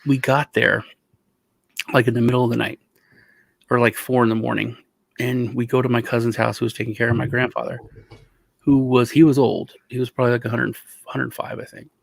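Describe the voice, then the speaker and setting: A man hosting a casual chat, a rambling, animated storyteller. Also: medium pitch, a little fast, creaky, long pauses, dry recording. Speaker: host.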